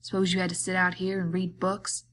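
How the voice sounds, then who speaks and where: A woman's voice: lowish voice, monotone, fairly bright tone, slight background noise, lightly acted. A woman doing a bitter, lonely old ranch hand. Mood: brooding. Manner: slow, goading, drawling rural speech. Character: bitter, lonely man taunting a friend.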